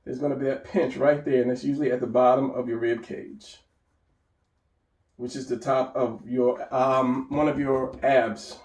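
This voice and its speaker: A man's voice: medium pitch, level tone, normal speed, darkish tone, roomy sound, recorded from a distance. A man giving an unscripted drawing lesson, rambling and correcting himself as he sketches. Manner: rambling, self-correcting, talks while drawing. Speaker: drawing instructor.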